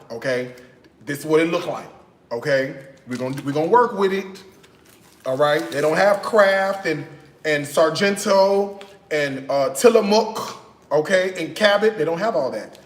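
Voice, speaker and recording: A man hosting a cooking channel, chatting playfully through his grocery haul and often checking in with "okay?". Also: fairly high pitch. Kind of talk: casual grocery haul chat. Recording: echoey room with faint noise.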